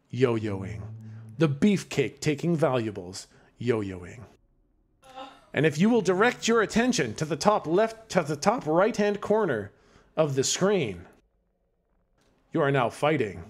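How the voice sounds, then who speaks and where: Lively, casual man running a tabletop game. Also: medium pitch, takes it slowly, pauses often. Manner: casual, laughing, with many fillers and restarts. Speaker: game master.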